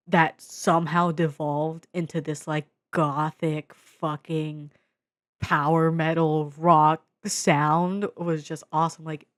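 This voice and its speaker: A young woman from the Bay Area talks through her favorite films in a low voice, excitable and slangy, swearing freely between a stream of fillers. She speaks straight into her own mic, and the sound is dry and close with no room echo. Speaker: vlogger reviewing media. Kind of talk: casual media review. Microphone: own desk mic.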